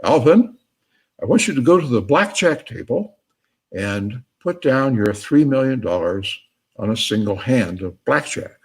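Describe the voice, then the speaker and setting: A man voicing a booming, commanding God who gives orders in a joke. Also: moderate pace, breathy edge. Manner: loud, insistent orders.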